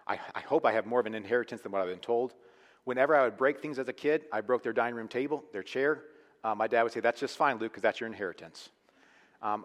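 A man preaching a sermon, earnest and emphatic, swinging between quiet, intimate lines and loud, pressing ones. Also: mid-range voice. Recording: long reverb of a large hall.

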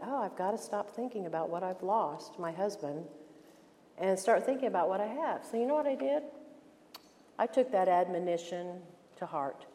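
An older woman with a low-ish, mellow voice teaches a women's Bible study in an earnest, emphatic preaching style, slowing down to stress key phrases. The recording has a long hall reverb.

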